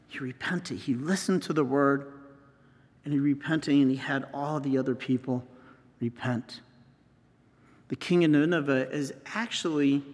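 A male priest giving a homily, telling a scripture story slowly and acting out its scenes. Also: on the high side, in a large hall.

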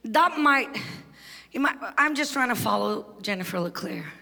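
A Trinidadian woman preaches from a stage with a high, bright, ringing voice. She drops into quiet confiding asides, then climbs into shouted testimony. A long reverb from a big church hall trails her words. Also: lively intonation, moderate pace, creaky. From Trinidad and Tobago. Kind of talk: sermon.

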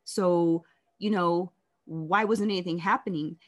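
A woman telling her life story in an interview, candid and reflective, often halting and restarting. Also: on the low side, steady tone.

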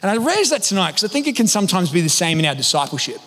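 A man in his thirties preaches in a high voice, telling stories casually and poking fun at himself. His voice rings out with a long reverb from a church hall. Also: very animated, very fast, pushed and bright. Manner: conversational, self-deprecating storytelling. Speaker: pastor. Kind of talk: sermon.

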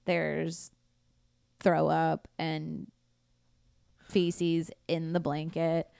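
Slow, smooth-voiced woman telling a true crime story. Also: low voice, completely flat delivery, a little mellow, dry recording, clean studio sound. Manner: blunt, profane, conversational retelling. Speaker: podcast host.

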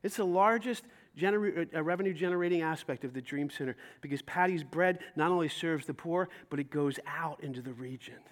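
A man preaching a sermon as pastor, telling stories with lively acted-out dialogue and rising to loud emphasis. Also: a little high, a little fast, hardly any pauses. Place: church sanctuary.

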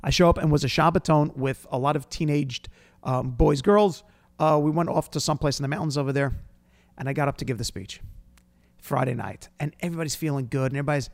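Animated storytelling man, high voice. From New York. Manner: animated, laughing, acts out other people's lines. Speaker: rabbi and podcast host. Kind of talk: storytelling in casual chat.

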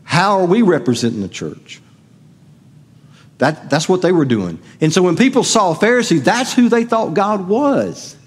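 A middle-aged male pastor gives a sermon in a church sanctuary with a high, very animated, slightly rough voice at a moderate pace. He talks conversationally and questions the congregation, his words carried by long hall reverb.

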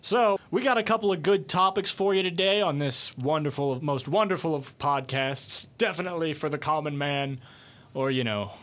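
A young man co-hosting a casual podcast, telling a funny story with a joking, animated manner. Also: on the high side, normal speed. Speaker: podcast co-host.

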